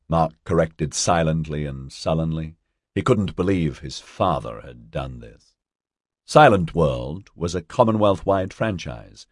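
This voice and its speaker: Male audiobook narrator, deep and husky, expressive delivery, dry booth sound. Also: a little slow, no echo. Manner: steady storytelling with lightly voiced dialogue. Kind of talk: scripted narration.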